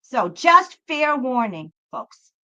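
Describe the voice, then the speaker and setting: A woman's voice: sits high, very animated, takes it slowly, bright, forceful tone, highs cut off. A woman hosting a live tarot stream, rambling chattily and talking straight to viewers in the chat.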